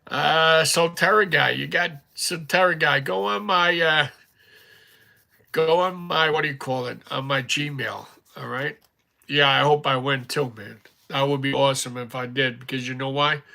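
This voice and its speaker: A man's voice: a little high, steady tone, measured pace, gravelly, bright, forceful tone. A middle-aged man hosting a casual livestream, rambling through stories. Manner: rambling, chatty storytelling. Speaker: livestream host.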